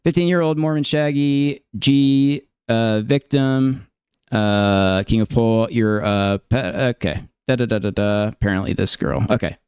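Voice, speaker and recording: Smooth-voiced man doing stream commentary. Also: mid-range voice, unhurried, darkish tone, no echo, clean studio sound. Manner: incredulous, hedging, many fillers. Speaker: stream host reacting to clips. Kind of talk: casual reaction commentary.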